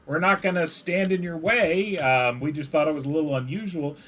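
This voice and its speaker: A man's voice: fairly high pitch, brisk, a bit bright. A man voicing a group of polite, cautious dwarf warriors.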